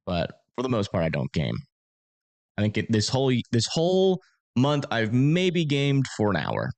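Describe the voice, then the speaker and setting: A man's voice: mid-range voice, huge pitch swings, normal speed, vocal fry, darkish tone, dry recording. A man hosting a casual livestream, chatting with viewers and talking through storm forecasts in a rambling, filler-heavy way.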